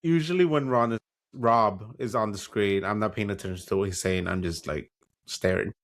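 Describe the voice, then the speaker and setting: A man's voice: lowish voice, normal speed. Blunt, sassy male podcast co-host. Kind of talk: casual recap chat.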